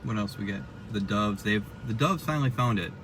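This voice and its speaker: A man with a voice on the low side talks a little fast while driving and recording a vlog, rambling, chatty, and poking fun at himself. A dash-mounted camera inside the car picks him up from a distance, with road noise in the background.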